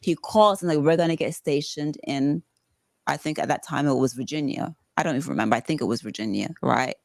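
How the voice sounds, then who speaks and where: A woman from the Bronx, a podcast guest telling a personal story in casual talk, animated and swearing freely. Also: low voice, brisk, gravelly, no room sound. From the Bronx, New York.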